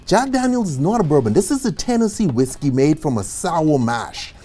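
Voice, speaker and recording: Lively man teaching bartending basics. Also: a little high, normal speed. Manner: animated, checks in with "okay?" after points; casual and chatty, with asides and small laughs. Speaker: bartending instructor. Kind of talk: instructional video lesson.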